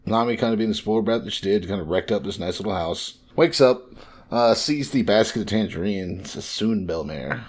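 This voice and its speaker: A man's voice: on the low side, fairly quick. A young man in casual podcast chat, recapping a story and acting out the lines, swearing now and then. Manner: animated, recaps scenes by acting out quotes. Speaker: podcast co-host, first-time reader.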